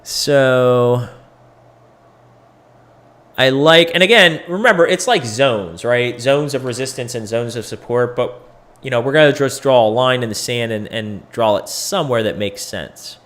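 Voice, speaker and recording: A tired man hosts a casual crypto chart-analysis video, thinking out loud as he goes. His speech is loose and salty, with a middle-pitched voice. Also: unhurried. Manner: loose, profane, thinking aloud. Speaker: crypto educator and host.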